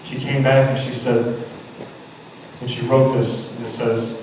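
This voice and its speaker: A man's voice: mid-range voice, little pitch movement, measured pace, darkish tone, slight background noise. A man giving a motivational speech at a school assembly, telling emphatic stories and acting out the quotes. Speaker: motivational speaker. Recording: echoey hall heard from far off.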